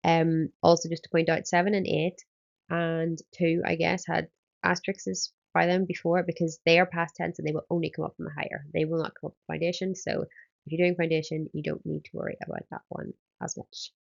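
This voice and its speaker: A woman's voice: low voice, little pitch movement, a little fast, creaky, highs cut off. A woman, a Spanish teacher, explaining exam answers step by step in a recorded lesson and often starting with um.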